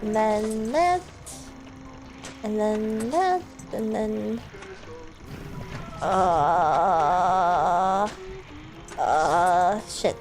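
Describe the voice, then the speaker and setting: A woman chatting casually while she streams a game, excitable, laughing and swearing freely. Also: mid-range voice, very slow, pauses often, faint music behind. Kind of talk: casual live-stream gameplay chat.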